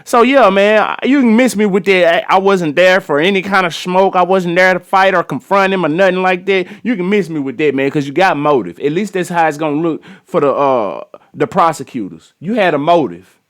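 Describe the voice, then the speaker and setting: A man's voice: high-pitched, a little fast, few pauses, fairly bright tone. A man giving casual reaction commentary on a news clip, blunt, slangy and profane, scolding the people involved and restarting his phrases as he goes.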